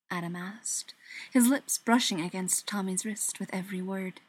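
A woman reading a story aloud in an even, soft narrating voice that sometimes drops to a whisper. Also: mid-range voice, normal speed, breathy edge.

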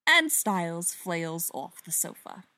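Expressive woman reading a story aloud. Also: lowish voice, takes it slowly, no echo. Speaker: reader. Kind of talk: reading fan fiction aloud.

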